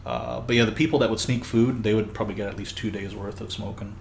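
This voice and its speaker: Low-voiced man recalling stories, roomy. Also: fast talker, creaky. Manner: relaxed, rambling, many fillers. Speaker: podcast host. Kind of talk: casual storytelling chat. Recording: roomy with faint background hiss.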